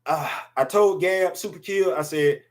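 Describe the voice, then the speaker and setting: A man's voice: high-pitched, a little slow. A man in his fifties hosting a casual opinion show, talking emphatically and repeating words to drive his points home. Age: 50s. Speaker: podcast host.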